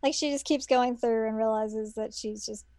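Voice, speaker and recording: High-voiced woman chiming in. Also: fairly even intonation, normal speed, dark tone, dry recording, studio quality. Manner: laughs often, chimes in with short agreements. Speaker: podcast co-host. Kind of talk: casual chat.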